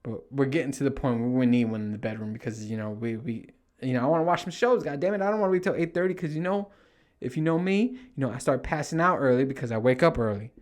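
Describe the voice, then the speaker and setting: Animated, cussing middle-aged man. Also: fast. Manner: animated, swears freely, acts out panicked quotes in a higher voice. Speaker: podcast host. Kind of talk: casual storytelling monologue.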